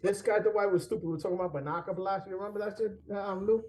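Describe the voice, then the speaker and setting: A man playing in a tabletop game, chatting casually and joking excitably. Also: sits high, fast, a little hiss or hum. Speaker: player.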